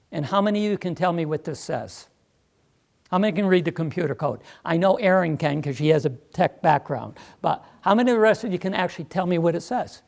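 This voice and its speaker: A man's voice: high voice, creaky, darkish tone. Emphatic man presenting to a meeting. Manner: emphatic, persuasive, quick asides to the audience. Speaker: education speaker presenting to a school district. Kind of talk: live presentation. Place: meeting room.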